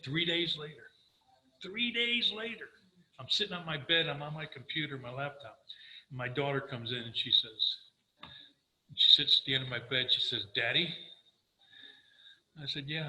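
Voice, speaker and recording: A man's voice: medium pitch, moderate pace, long pauses, echoey room, rough recording. An older man giving a personal recovery talk, telling his story earnestly and acting out the conversations. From Florida. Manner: earnest storytelling, quoting himself, animated. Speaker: recovery speaker.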